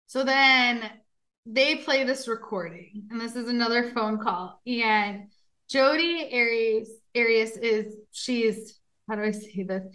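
A woman co-hosting a podcast casually recounts a true crime case as a chatty storyteller, with frequent fillers and laughs. Her voice is a little high and sharp in tone, and she speaks slowly.

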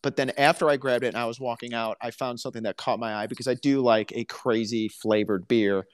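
A man's voice: medium pitch, steady tone, fairly quick, clean tone. A man co-hosting a casual podcast, telling stories in a chatty, dry, joking way. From Alabama, US. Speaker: podcast co-host. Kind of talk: casual chat.

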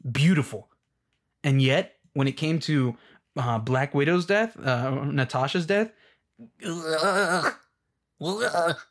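A man's voice: mid-range voice, a little slow. Young adult male, casual rant, rambling and fed-up, loose filler-heavy delivery. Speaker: movie fan ranting.

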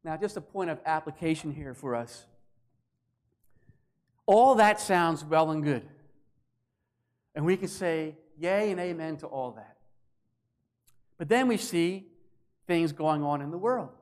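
A man's voice: on the high side, measured pace, long pauses. A man preaching a sermon, walking through scripture verse by verse and sometimes acting out voices for emphasis. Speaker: pastor.

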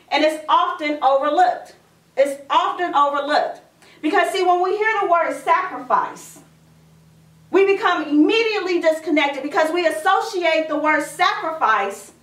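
Woman preacher, high-pitched, slow and repetitive, echoey and distant. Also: sharp tone. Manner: repeats phrases for emphasis. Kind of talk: sermon.

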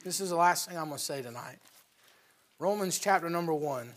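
A man preaching a sermon, emphatic and folksy, telling stories between scripture readings and building to loud peaks. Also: fairly high pitch, fairly quick. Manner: folksy with storytelling asides.

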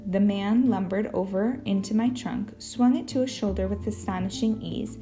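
Female audiobook narrator, first-person storytelling, slight fry, faint guitar. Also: medium pitch, normal speed, dark tone. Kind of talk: scripted narration.

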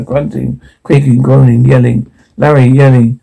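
Gravelly husky man reading captions. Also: mid-range voice, flat delivery, normal speed, warm tone, low-quality recording. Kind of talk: reading subtitles and sound captions aloud.

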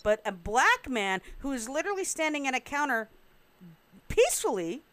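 A woman's voice: sits high, very animated, normal speed, fairly bright tone, no echo. A woman in a casual group discussion, recounting events frankly and with swearing. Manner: frank storyteller, profane, recounting events at length.

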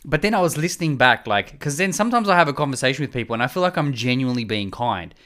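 Lively man, laughing easily. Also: mid-range voice, fast. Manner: laughs often, self-questioning, animated. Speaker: podcast co-host. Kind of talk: casual chat.

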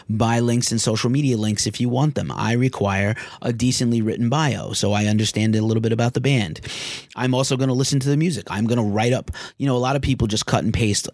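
A man's voice: lowish voice, a little mellow, dry recording, clean studio sound. A man who is a music journalist and podcast host, talking candidly in casual podcast chat, frank and a little exasperated.

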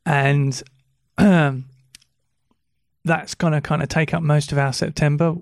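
A man co-hosting a podcast in easygoing, rambling casual chat, often clearing his throat. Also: a little high, flat delivery, slow, dry recording, clean studio sound. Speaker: podcast co-host.

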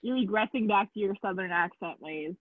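A young woman co-hosting a casual podcast chat, giggly and quick to laugh. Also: medium pitch, noisy background. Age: young adult. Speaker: podcast co-host. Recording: tinny dry phone-like line.

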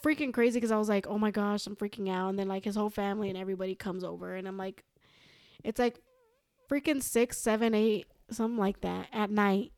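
A young woman telling a story as a podcast guest, animated and quoting herself and others. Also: mid-range voice, fast, no echo, studio quality. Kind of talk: casual storytelling.

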